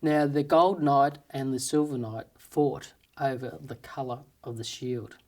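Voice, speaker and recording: A man's voice: medium pitch, steady tone, measured pace, a little mellow. A man telling a fable and then drawing its moral in an earnest, plain-spoken way, with rhetorical questions. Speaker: storyteller and motivational speaker.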